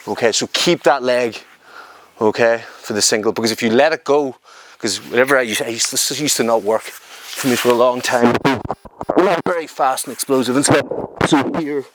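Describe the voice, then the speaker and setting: Guy coaching jiu-jitsu on the mat, mid-pitch voice, broken-up sentences, lots of "okay?", noisy room. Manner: chatty, checks in with "okay?" often; talks while moving on the mat, halting phrases. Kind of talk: live technique demonstration. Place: training room at a retreat.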